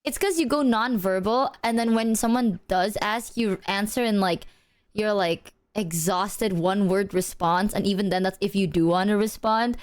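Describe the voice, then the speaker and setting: A woman's voice: mid-range voice, moderate pace. A woman streamer in casual chat, laughing often and talking animatedly. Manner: giggly, animated, acts out quotes.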